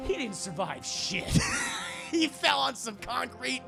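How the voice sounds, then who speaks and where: An animated man riffs through a film on a livestream, swearing and laughing as he goes. His voice sits high and jumps around a lot. It is bright and heavily gravelly. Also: takes it slowly, music in the background. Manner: animated, profane, laughs often. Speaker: live-streaming film reviewer. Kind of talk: casual livestream film commentary.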